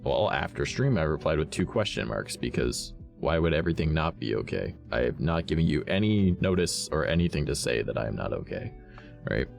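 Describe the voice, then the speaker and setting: A man's voice: sing-song, fairly quick, creaky, faint music behind. A man, a streamer telling a story to his chat in a blunt, profane, ranting way. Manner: blunt, profane, ranting with big swings in pitch.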